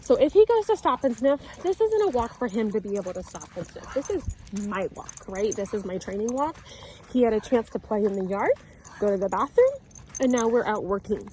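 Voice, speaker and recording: A woman dog trainer outdoors, explaining her method while walking a dog and calling out sharp commands. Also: medium pitch, sing-song, a little fast, slight background noise. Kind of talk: instructional talk during dog training.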